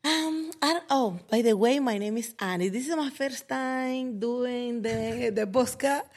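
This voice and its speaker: A woman guest on a podcast, chatting casually in a lively way and laughing often. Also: a little high, unhurried. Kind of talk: casual chat.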